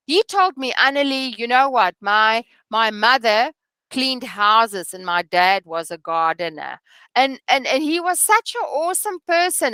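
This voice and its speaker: A woman's voice: sits high, bright, forceful tone, no room sound. A middle-aged woman teaching real estate agents, earnest, often asking "okay?" and restarting her sentences. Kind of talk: training session lecture.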